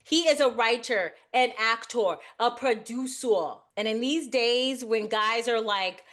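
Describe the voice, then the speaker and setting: A woman's voice: fairly high pitch, a little slow, few pauses, fairly bright tone. A woman co-hosting a casual podcast debate, talking in a bold, frank, joking way. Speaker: co-host.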